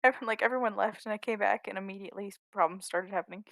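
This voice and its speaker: A woman's voice: medium pitch, fast, creaky, dry recording. A woman chatting casually during a break in a tabletop game, laughing often and swearing freely. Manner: giggly, animated, swears freely.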